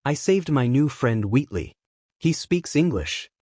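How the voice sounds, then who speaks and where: A man voicing a shy, quietly determined teenage boy in a fanfiction reading, speaking softly and sincerely. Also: medium pitch, big pitch swings, measured pace, dry recording, clean studio sound.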